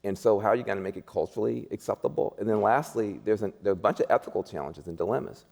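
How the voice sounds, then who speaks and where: An American man speaks as a panel guest, emphatic and rousing, repeating his points like a preacher. His voice is on the low side, gravelly and a little mellow, and he talks rapid-fire.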